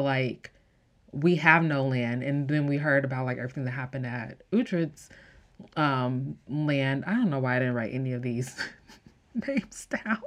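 A woman with a low-pitched voice talks through a season recap. She speaks casually, using lots of "like" and "um" fillers and breaking into quick exclamations. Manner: chatty, many "like"s and "um"s, laughs and gasps. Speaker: show recapper.

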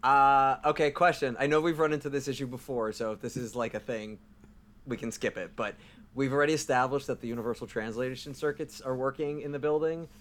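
A man's voice: medium pitch, brisk, fairly bright tone. A man playing a tabletop role-play game, talking hesitantly with many restarts. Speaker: player.

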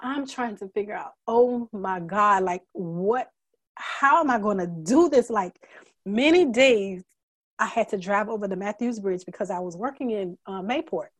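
A middle-aged woman as a guest, telling her story candidly in an earnest, halting way, holding back tears. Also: mid-range voice, expressive, no room sound. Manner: earnest, halting, many fillers and restarts; emotional, fighting back tears. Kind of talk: candid conversational testimony.

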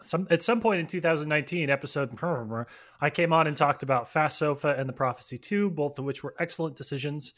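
A man's voice: on the high side, fairly quick, a bit bright. A man who is a film critic, a guest on a podcast in casual chat, with dry, self-deprecating humor.

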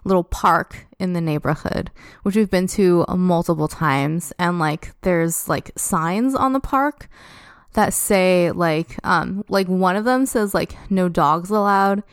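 Young woman, podcast guest, rambling casual storyteller; smooth tone, dry sound. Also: lowish voice, slow pace, no echo. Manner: chatty, heavy use of "like".

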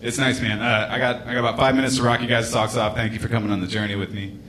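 Male stand-up, late 20s, American, casual drawl, mid-pitched, live club mic. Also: little pitch movement, fast, a bit bright, slight background noise. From United States. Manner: laid-back, rambling, casual swearing. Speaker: stand-up comedian. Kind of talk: stand-up comedy set. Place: comedy club stage.

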